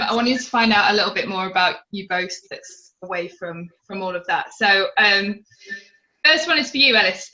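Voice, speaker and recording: Bright, giggly woman podcast host. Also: a little high, highs cut off. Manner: chatty and giggly, with frequent laughs. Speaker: podcast host and magazine editor. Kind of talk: casual interview over a video call. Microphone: video call. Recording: roomy video-call audio.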